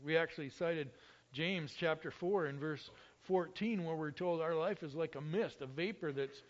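A high-pitched male pastor delivering a sermon, his voice swelling with emphasis whenever he quotes scripture. The recording is muffled and lo-fi, with a dull top end. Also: moderate pace. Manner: expressive, rises loudly when quoting scripture.

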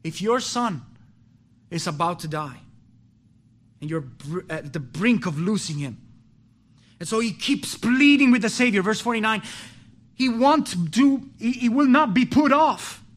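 A man preaching a sermon with passion, rising to loud pleading and dropping to low, quiet stretches, often restarting his words. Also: lively intonation, a little slow, long pauses. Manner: impassioned, swings from pleading loud to low and hushed.

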